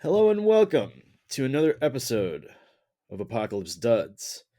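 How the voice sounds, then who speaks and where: A man's voice: medium pitch, huge pitch swings, normal speed, dark tone. An American man hosting a podcast interview, teasing and joking with his guest. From United States. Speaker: podcast host. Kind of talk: casual interview chat.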